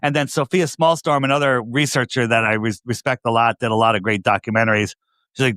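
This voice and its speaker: A man's voice: mid-range voice, steady tone, quick pace, fairly bright tone, dry recording, studio quality. A man with a New York area accent, talking as a guest on a video call, pressing his points with emphatic rhetorical questions. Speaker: podcast guest. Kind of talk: casual conversation.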